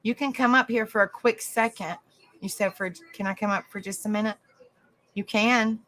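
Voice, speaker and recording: A woman's voice: medium pitch, fairly even intonation, normal speed, a bit bright, rough recording. A woman hosting a livestream, talking casually and calling her guests honey and darling. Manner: calls people honey and darling. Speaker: livestream host.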